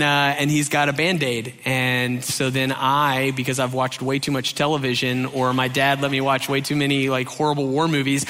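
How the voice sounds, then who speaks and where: A man from Georgia, USA, telling a funny childhood story, acting out the quotes with big jumps in his voice. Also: slight background noise. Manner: animated, acts out quotes with big pitch jumps. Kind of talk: comic storytelling. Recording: long hall reverb.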